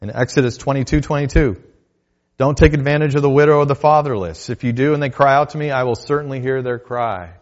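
A male pastor delivering a sermon, moving between loud declarations and quiet, hushed asides. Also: medium pitch, quick pace, muffled recording.

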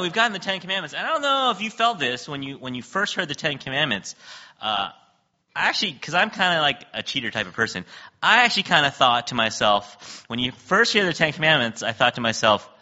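A male pastor gives an animated sermon, and his pitch swings widely as he talks. His voice is strongly sharp and forceful, and he often checks in with the listeners. The recording sounds somewhat dull and lo-fi. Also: a little fast. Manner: animated, laughs often, keeps asking "right?".

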